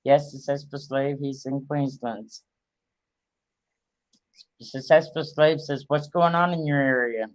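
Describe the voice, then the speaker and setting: A man's voice: mid-range voice, steady tone, takes it slowly, long pauses, no room sound. A man with a Midwestern American accent, chatting on a livestream and reading out viewer comments. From Indiana, US. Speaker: livestream co-host. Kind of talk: casual livestream chat.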